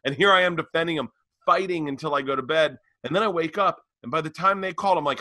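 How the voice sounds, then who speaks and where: A man's voice: a little high, quick pace, no room sound. A man co-hosting a podcast, telling a story in casual chat and acting out the other people's lines. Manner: animated, acts out quoted voices. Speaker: podcast co-host.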